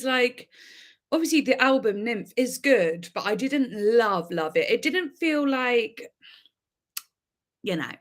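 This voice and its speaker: Young woman, English accent, livestream host, casual chat, bubbly, rambling, giggly. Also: fairly high pitch. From Devon, England.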